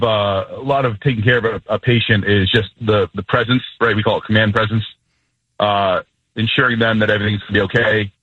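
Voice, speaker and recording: A man calling in to a radio show over a phone line, with a thin, narrow sound. His voice is fairly low and recorded dry. He explains how he handles patients in a steady, matter-of-fact manner. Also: husky, dry recording. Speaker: caller, EMT. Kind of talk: phone-in conversation.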